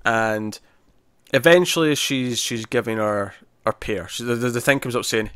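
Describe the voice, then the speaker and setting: A man co-hosting a casual TV review, recapping scenes in an animated way and often repeating words as he restarts. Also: mid-range voice, normal speed, clean tone, dry recording. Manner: animated recapping, acts out characters' lines. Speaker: podcast co-host reviewing TV.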